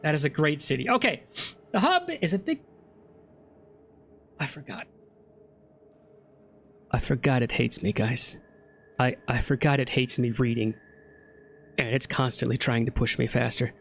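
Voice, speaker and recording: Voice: medium pitch, very animated, measured pace, vocal fry, long pauses, fairly bright tone, slightly rough. A let's play host giving casual gameplay commentary, chatty and joking while reading game text aloud.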